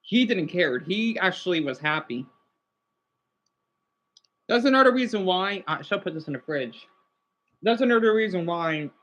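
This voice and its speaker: A man's voice: fairly high pitch, bright, forceful tone, muffled recording. Young guy on a livestream, talking loose and emotional, rambling to chat. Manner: rambling, emotional, reads chat names aloud. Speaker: livestream host. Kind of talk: casual live chat.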